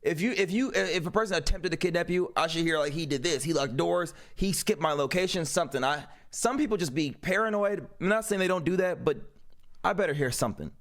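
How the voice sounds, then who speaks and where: A man hosting a live stream, reacting to a clip with opinionated, animated commentary. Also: a little high, brisk.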